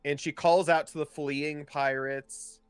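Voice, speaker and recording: A man's voice: on the high side, fairly even intonation, a little slow, clean tone, dry recording. A man playing a tabletop game, asking questions and describing his character's actions. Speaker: player. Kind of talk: casual tabletop play.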